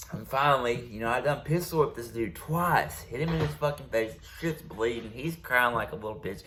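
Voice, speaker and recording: A man's voice: medium pitch, a little fast, hardly any pauses, fairly bright tone, slight background noise. A man hosting his own channel, telling a personal story in a rambling, profane way, full of ums and restarts. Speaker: channel host.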